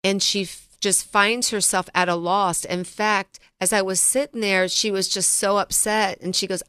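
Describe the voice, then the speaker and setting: A woman financial advisor talking on a radio show, earnest and story-driven, at a middle pitch. Her voice is recorded close and dry, with no echo. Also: steady tone, normal speed, hardly any pauses, bright, forceful tone, clean tone. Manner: earnest storyteller, addresses co-host by name often.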